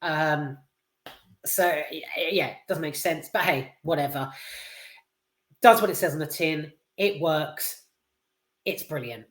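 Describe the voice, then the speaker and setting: A man's voice: fairly high pitch, slow pace, pauses often, fairly bright tone. Rambling British man in a roomy echo. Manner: rambling and candid, swears freely, many fillers. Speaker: film reviewer. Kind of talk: casual spoken film review.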